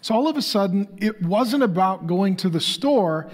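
A man's voice: sits high, lively intonation, normal speed. A middle-aged man, a pastor, preaching a conversational sermon that keeps throwing rhetorical questions at the crowd.

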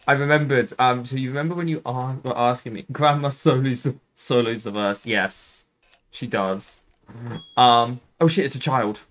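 A man's voice: medium pitch, a bit bright. A man streaming a game, casually commenting, joking and swearing at the characters.

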